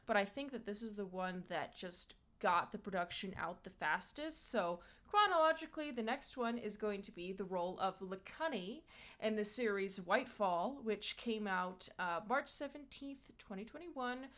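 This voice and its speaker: A woman's voice: mid-range voice, a bit bright. A woman voice actor talking casually and eagerly about her past roles, with many fillers. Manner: chatty and enthusiastic, many fillers.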